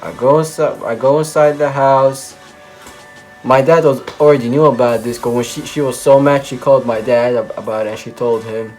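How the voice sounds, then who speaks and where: A man's voice: mid-range voice, steady tone, moderate pace, darkish tone, soft background music. A young man telling a casual storytime monologue for his vlog, rambling with lots of "like" and "and stuff". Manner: rambling, full of "like" and "and stuff", restarts. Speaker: vlogger.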